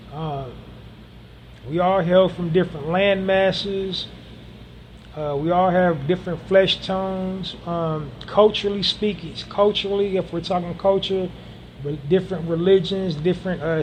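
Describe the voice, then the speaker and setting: His voice sits high as he runs a one-man podcast, talking earnestly and leaning on repeated phrases for emphasis. Ums come up often, and a bit of background noise can be heard.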